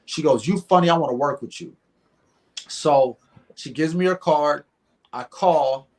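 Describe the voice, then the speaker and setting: A middle-aged man with a fairly high voice tells a story in a relaxed interview. He acts out each exchange, and he often stumbles over and repeats his words as he goes. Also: unhurried. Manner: animated storyteller acting out dialogue, repeats words. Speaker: guest comedian.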